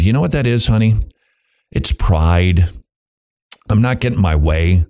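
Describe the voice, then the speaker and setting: A man hosting a Christian radio talk show, preaching emphatically with rhetorical questions and quick bursts of speech. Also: lowish voice, animated, mellow. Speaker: radio host. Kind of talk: preaching on biblical parenting.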